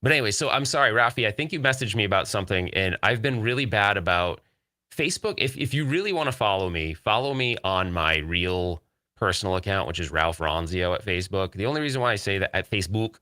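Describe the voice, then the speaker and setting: Host type, guy, lower voice but bright and edgy, rambly live-stream chatter. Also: a little fast, no echo, clean studio sound. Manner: rambling, upbeat, reads viewer chat aloud. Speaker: podcast host. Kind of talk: casual live-stream chat.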